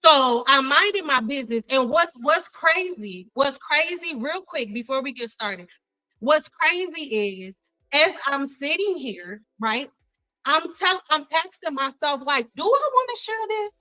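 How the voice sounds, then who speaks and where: A woman's voice: high voice, lively intonation, unhurried, pushed and bright, no room sound, poor audio. A woman talking intensely in a heated livestream monologue, emphatic and repeating herself. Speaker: YouTuber, spiritual coach.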